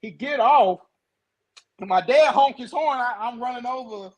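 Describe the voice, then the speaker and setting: A young man telling a story in casual talk, animated, stuttering and repeating words. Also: extremely high pitch, moderate pace, poor audio.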